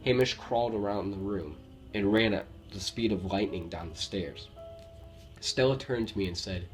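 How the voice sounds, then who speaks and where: A man from Romania with a Romanian accent, reading true scary stories aloud with a steady storytelling delivery and the odd slip. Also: lowish voice, normal speed. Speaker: horror story narrator. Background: faint background music.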